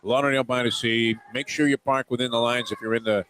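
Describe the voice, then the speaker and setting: A man's voice: medium pitch, fairly even intonation, fast, a bit bright, slight background noise. A man co-hosting a food show, teasing his partner and joking at a seaside restaurant. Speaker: co-host. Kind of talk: casual live chat. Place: seaside restaurant on a live remote.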